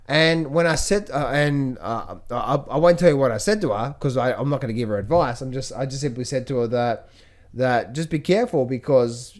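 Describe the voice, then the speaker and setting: Energetic trading coach, a man. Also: a little high. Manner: energetic, repeats himself, quick restarts. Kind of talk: casual talk to viewers.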